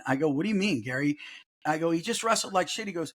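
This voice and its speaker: A middle-aged man hosts a relaxed podcast conversation with a notably high voice for a man. He tells his stories bluntly and curses freely, keeping the tone casual. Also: fast talker. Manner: blunt storyteller, swears freely. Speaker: podcast host.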